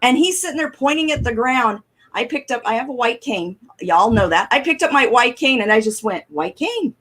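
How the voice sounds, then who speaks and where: A woman's voice: a little high, fairly quick, low-quality recording. A middle-aged woman, co-hosting a casual talk show and telling chatty stories with a laugh. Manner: chatty storyteller, animated and laughing. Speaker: co-host.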